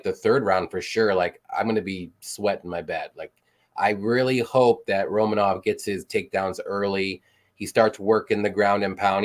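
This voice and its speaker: Low-voiced man chatting fight picks. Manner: casual, filler-heavy, restarts with "like" and "um". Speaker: co-host of a betting show. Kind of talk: casual sports betting chat.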